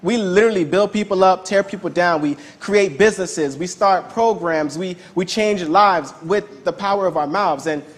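High-voiced man preaching conversationally. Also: moderate pace, hardly any pauses. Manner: conversational, emphatic preaching with repetition. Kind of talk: sermon.

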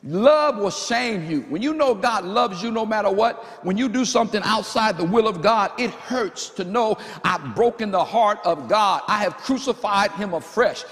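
During a church service, a man preaches with fervor, his high voice lively and fairly bright at a moderate pace with hardly any pauses. Repeated phrases fill the sermon, and the recording has long hall reverb.

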